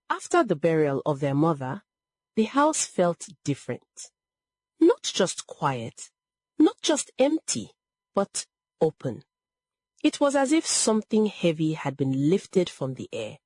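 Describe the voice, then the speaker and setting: Slow, husky-voiced woman storyteller. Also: low-pitched, no echo. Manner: dramatic, measured. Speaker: narrator. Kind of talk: scripted story narration.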